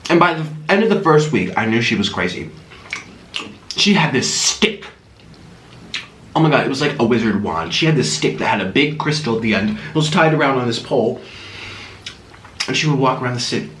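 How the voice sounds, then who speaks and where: A man vlogging as he eats, telling a story in an animated way and gasping and murmuring between bites. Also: mid-range voice, brisk, long pauses, roomy sound, a little hiss or hum. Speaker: mukbang vlogger. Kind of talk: storytelling while eating on camera.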